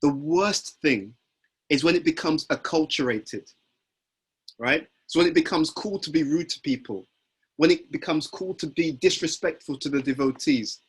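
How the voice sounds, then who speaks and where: A man's voice: a little high, normal speed, husky. A man preaching a devotional lecture, often asking rhetorical questions and answering them himself.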